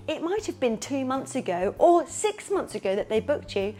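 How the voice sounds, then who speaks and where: Lively woman giving business tips. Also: sits high. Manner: lively, switches into comic voices. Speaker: kids party entertainer and business coach. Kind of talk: casual advice talk with acted phone calls.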